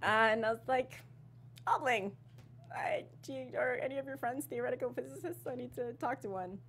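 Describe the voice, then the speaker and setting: A woman in her thirties from South Africa, a guest in an interview, talking in a casual, animated way and laughing often, with a slight South African twang in her speech. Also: sits high, fairly quick, a little hiss or hum. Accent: Canadian English with a slight South African twang. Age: 30s. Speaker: actress guest.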